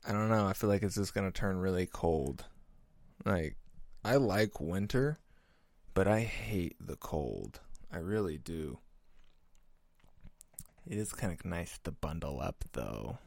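A man with a lowish voice hosts a podcast in a slow, unhurried ramble. He sounds loose and self-amused, tossing in casual swearing. The sound is dry and close. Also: darkish tone, no echo. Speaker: podcast host. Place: podcast room.

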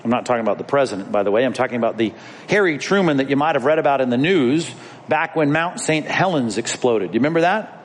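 A man's voice: mid-range voice, animated, quick pace. A male pastor preaching a sermon in a church, conversational and emphatic, speaking straight to the congregation. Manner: conversational, emphatic preaching with pointed direct address. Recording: long hall reverb.

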